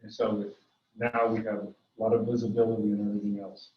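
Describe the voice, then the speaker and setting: A man's voice: fairly low pitch, little pitch movement, fast talker. A man on a town committee asking plainspoken questions about a school design. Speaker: committee member. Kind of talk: meeting questions. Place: meeting room. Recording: roomy, distant, dull public-access audio.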